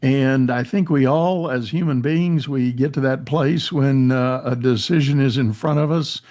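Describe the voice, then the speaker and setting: A man hosts a podcast and introduces his guest, speaking at a medium pitch for a man. He sounds friendly and relaxed, with a few fillers. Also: unhurried. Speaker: podcast host.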